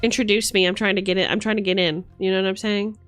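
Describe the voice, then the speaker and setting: A woman's voice: medium pitch, level tone, fast talker, a bit bright, no echo, faint music behind. A woman live-streaming in a bard persona, chatting playfully and teasing her viewers. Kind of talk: casual live-stream chat.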